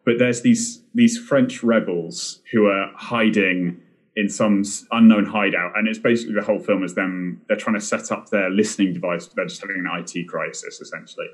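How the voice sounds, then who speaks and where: Rambling young man, lowish voice. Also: fairly even intonation, fairly quick. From Britain. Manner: rambling, self-deprecating, many fillers and restarts. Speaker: film director and podcast guest. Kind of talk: casual podcast chat.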